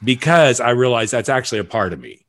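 A man with a mid-range voice tells a story in a playful, animated way, swearing freely. The sound is dry and close. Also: mid-range voice, quick pace, no echo. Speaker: podcast guest, author and coach. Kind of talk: casual storytelling.

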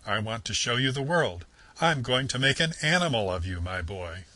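A man's voice: mid-range voice, slow pace, slightly rough, dry recording, voice pushed up, full character voice. Man doing Toad, a pompous boastful toad. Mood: wheedling. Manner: excitable, pompous, imploring. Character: boastful conceited male toad gentleman. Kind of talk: reading a storybook excerpt aloud.

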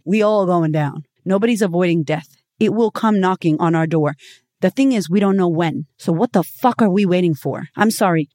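A woman's voice: medium pitch, darkish tone, no echo. A woman delivers a motivational podcast talk, blunt and full of swearing. She keeps firing rhetorical questions at the listener and hammers her points with emphatic phrasing. Her voice is dry and close, with no room sound around it. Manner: emphatic, swinging between punchy and drawn-out phrases. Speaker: podcast host.

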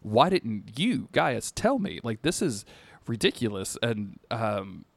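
A man co-hosting a podcast, recapping a TV episode in casual chat, animated and acting out characters' lines with casual swearing. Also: medium pitch, slow, vocal fry, no echo. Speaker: podcast co-host.

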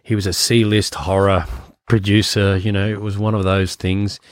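A man's voice: lowish voice, little pitch movement, normal speed, dry recording, studio quality. A man, a film producer, chatting as a podcast guest, musing with lots of fillers and restarts. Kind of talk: casual interview chat.

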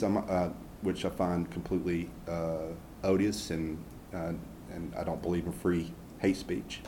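A man's voice: sits low, flat delivery, unhurried, mellow, echoey room, slight background noise, rough recording. A man with a Southern US accent, a labor organizer answering audience questions in a folksy, conversational way with many fillers and restarts. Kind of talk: casual public Q&A talk.

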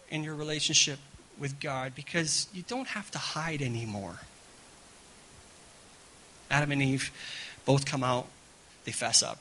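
Bright-voiced, animated male preacher. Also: fairly high pitch, slight background noise, low-quality recording. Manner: animated, repeats words, keeps asking "right?". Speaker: guest pastor. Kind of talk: sermon. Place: church gathering.

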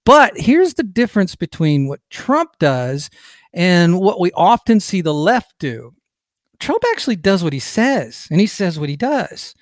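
A man's voice: high voice, big pitch swings, a little slow, dry recording. A man hosting a political podcast, talking in an opinionated, digressive and emphatic way. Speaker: podcast host.

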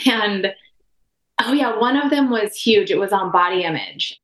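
A woman in her thirties opens up as a podcast guest, her speech rambling and emotional, full of restarts and fillers. Her voice sits at a middle pitch. The recording carries a noticeable room echo. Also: slow pace, pauses often, a bit bright. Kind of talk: candid personal conversation.

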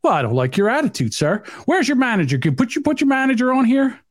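A man's voice: animated, unhurried, no room sound, clean studio sound. A man playing an indecisive male customer at a drive-thru who dithers and then demands the manager indignantly. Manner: whiny, indignant, rising pitch.

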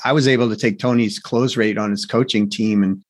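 A man being interviewed as a sales coach and author, telling stories in a rambling, energetic way with many restarts and tag questions. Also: lowish voice, a little fast. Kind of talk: conversational interview storytelling.

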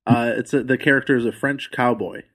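A man's voice: medium pitch, a little fast. Man telling stories with a laugh. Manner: animated storyteller, laughs through his anecdotes. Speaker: podcast guest, comedian. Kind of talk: casual podcast chat.

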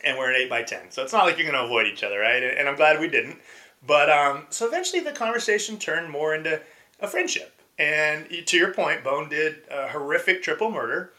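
A middle-aged man tells personal stories as a podcast guest. He is animated, acts out quotes and restarts often. His voice is very bright and forceful. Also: fairly high pitch, brisk. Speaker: podcast guest, former pro baseball player. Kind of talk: casual storytelling interview.

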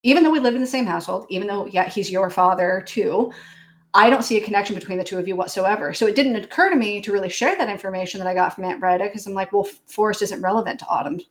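A woman's voice: mid-range voice, animated, quick pace. A woman co-hosting a podcast, speaking in a reflective, musing way about family memories. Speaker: podcast co-host. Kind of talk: casual conversation.

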